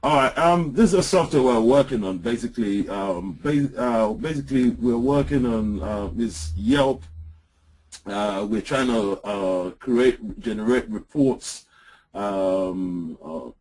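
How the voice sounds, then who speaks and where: A man presenting software in an online webinar, walking through a screen-share demo with frequent "uh"s and "um"s over a computer mic. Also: lowish voice, takes it slowly, low-quality recording. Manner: hesitant, lots of "uh" and "um". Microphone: computer mic on an online call.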